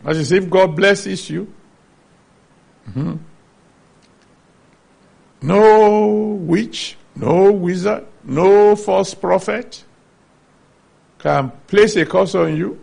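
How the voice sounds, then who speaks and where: A man's voice: high voice, extremely slow, creaky, pauses often, darkish tone. A man preaching a sermon, earnestly teaching from the Bible and citing chapter and verse.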